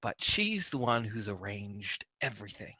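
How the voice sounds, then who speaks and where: A man voicing a foul-mouthed, defiant criminal being interrogated, yelling insults. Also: big pitch swings, moderate pace, dry recording, heavily acted, poor audio. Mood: boastful. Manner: snarling, swearing, pitch leaps up when yelling.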